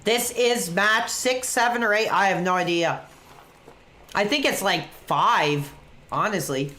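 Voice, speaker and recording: A man's voice: high voice, unhurried, sharp tone. A man chatting casually on a webcam stream, reacting to a wrestling match as he watches along. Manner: laid-back, chatty, reacting to the action.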